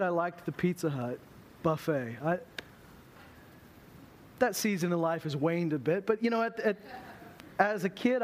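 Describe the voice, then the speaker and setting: A man's voice: high voice, slight background noise. A man preaching a sermon in a church, telling stories with humor and acting out voices. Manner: humorous storytelling, acts out voices. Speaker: pastor.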